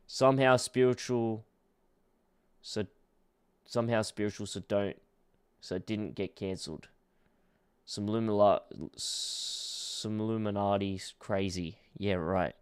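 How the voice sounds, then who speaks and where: A young man streaming, reacting to clips with casual commentary that swings from muttered asides to shouted, swearing outbursts. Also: lowish voice, slow, pauses often, clear, resonant tone, no room sound.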